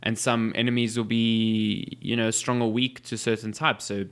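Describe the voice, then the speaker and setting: Relaxed young man with dry jokes. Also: fairly low pitch, moderate pace, clean tone. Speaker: podcast co-host. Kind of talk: casual chat.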